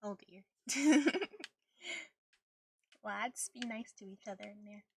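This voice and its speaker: A woman's voice: mid-range voice, takes it slowly, gravelly, breathy edge. A woman streaming a video game, chatting casually and rambling with frequent laughter. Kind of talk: casual gameplay stream chat.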